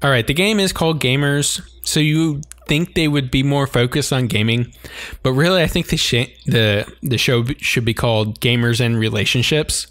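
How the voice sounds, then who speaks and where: A man co-hosting a podcast, telling episode plots in a casual, animated way, often laughing and swearing. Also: medium pitch, normal speed. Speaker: podcast co-host. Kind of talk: casual anime recap chat.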